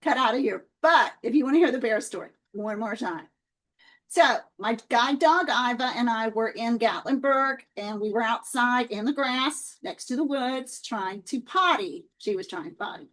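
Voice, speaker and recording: A woman with a fairly high voice speaks straight to her viewers. She is a chatty, lively storyteller who mixes faith lessons with personal stories. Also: normal speed, rough recording. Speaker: Christian author and video host. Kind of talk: casual faith talk to viewers.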